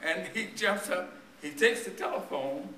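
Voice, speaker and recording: Male preacher, voice worn and straining, bright and forceful tone, tells a story in his sermon, church echo, mic far off. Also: sits high, expressive, a little slow. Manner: storytelling sermon with call-and-response questions to the congregation. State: voice strained and tiring. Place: church sanctuary. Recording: echoey church recorded from a distance.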